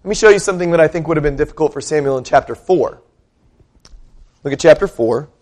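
Man, pastor, sermon, high voice, conversational storytelling, questions for the congregation. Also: lively intonation, fast talker, a little mellow.

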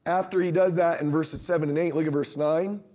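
A man's voice: steady tone, a little fast, darkish tone. A man preaching a sermon in a conversational way, acting out the lines of Bible characters with a rising voice. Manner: conversational, acts out Bible quotes with rising pitch.

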